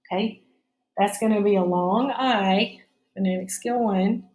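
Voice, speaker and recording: A woman's voice: mid-range voice, measured pace, darkish tone, echoey room. A woman teaching a phonics spelling lesson, explaining each step patiently.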